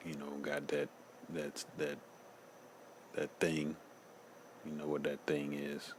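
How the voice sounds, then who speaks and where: A man with a bass voice offers a casual personal testimony, loose and full of slang, frequently saying "man" and "you know." There's slight background noise.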